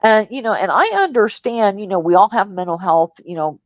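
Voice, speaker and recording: A woman co-hosting a livestream speaks fairly quickly at medium pitch, chatting casually in a rambling, frank manner. She's from Missouri, and the recording is dull, lo-fi and dry with no echo.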